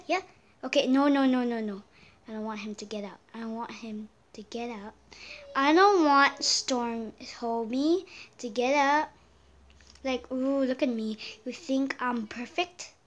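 A woman giving casual gameplay commentary, taunting other players and swinging between loud yelps and murmured asides. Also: sits high, measured pace.

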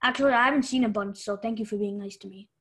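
A woman's voice: medium pitch, fast. A woman hosting a joke therapy vlog, rambling playfully, losing her thread and repeating herself. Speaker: host of a joke therapy show. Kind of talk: casual comedic vlog monologue.

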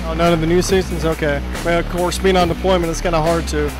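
A man's voice: a little high, flat delivery, quick pace, music in the background. A man roaming a ship asking people questions, jokey and playful, teasing the crew. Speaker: shipboard interviewer. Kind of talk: roving vox-pop interviews.

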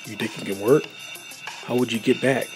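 A man voicing an old male rat martial arts master in a homemade stop-motion film, with calm, questioning speech and music underneath. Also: medium pitch, moderate pace, lightly acted. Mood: curious.

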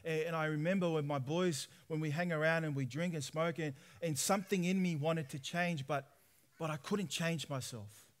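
A man, preaching a personal testimony sermon in lively storytelling style, acting out dialogue. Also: on the high side, moderate pace. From Australia. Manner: animated storytelling, acts out dialogue with laughs.

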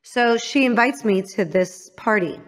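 A woman's voice: mid-range voice, unhurried. A woman from Illinois, a guest in an interview, telling a frank personal story and often calling herself out. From Illinois, United States. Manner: frank, self-critical, acts out others' lines.

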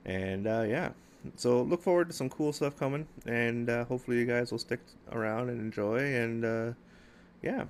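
A middle-aged man talking casually to his viewers in a rambling way, with many fillers and warm shout-outs. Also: medium pitch, normal speed, slight background noise. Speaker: gaming YouTuber. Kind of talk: casual vlog talk to viewers. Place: outdoors at sunset.

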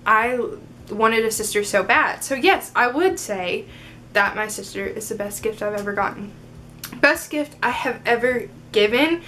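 A woman's voice: fairly high pitch, animated, measured pace, bright, forceful tone, slight background noise. A young adult woman chatting casually in a get-to-know-me Q&A video, upbeat and full of fillers like "um" and "like". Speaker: vlogger.

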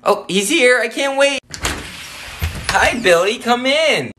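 A man's voice: extremely high pitch, animated, slow pace, music in the background, heavily acted. A man voicing a spoiled, bratty girl pop star who whines, demands, and throws screaming tantrums in a comedy sketch. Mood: whiny, bratty. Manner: whiny, demanding, bursts into shrieking tantrums.

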